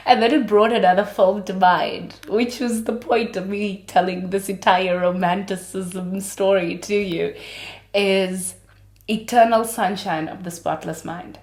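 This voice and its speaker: A woman's voice: medium pitch, steady tone, unhurried, darkish tone, roomy sound. A woman in her late twenties hosting a podcast, telling stories in a chatty, dramatic way and laughing often. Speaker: podcast host. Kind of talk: casual podcast monologue.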